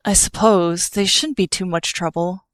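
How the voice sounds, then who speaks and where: A woman reading the lines of a weary, stern male skeleton gang boss in a low, dry tone. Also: steady tone, moderate pace, fairly bright tone, dry recording, close to an everyday voice. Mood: resigned.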